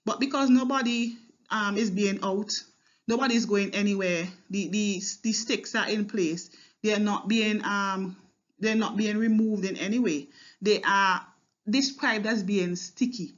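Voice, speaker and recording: A woman teaching a poem line by line, thinking aloud and often stopping to check with "right?" or "okay?". Her voice sits at an even middle pitch. The recording sounds a little dull and muffled. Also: measured pace. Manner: explanatory, repeats words with fillers and checks with "right?" and "okay?". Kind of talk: line-by-line poetry analysis lesson.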